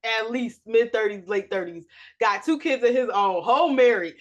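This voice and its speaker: A woman from New York co-hosting a podcast, telling an animated, explicit family story and acting out the quotes. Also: a little high, normal speed, dull audio. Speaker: podcast co-host. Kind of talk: casual storytelling chat.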